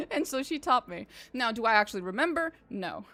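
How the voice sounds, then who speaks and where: A woman's voice: fairly high pitch, sing-song, a little fast, sharp tone, dry recording, soft background music. A young woman streaming a game, chatting casually with her viewers, swearing and laughing often. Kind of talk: casual chat while gaming.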